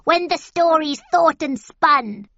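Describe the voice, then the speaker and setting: Casting: a woman doing a chanting old witch hag, higher and slow, dull dry sound. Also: expressive, creaky, fairly bright tone, dry recording, exaggerated voice. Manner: chanting archaic prophecies. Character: three ugly old female witch crones, pushy, cackling.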